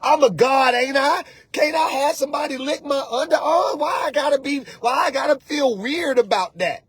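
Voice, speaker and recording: A man hosting a casual motivational talk as a spiritual coach, animated and preachy, slangy and often shouting. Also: very high voice, normal speed, no echo.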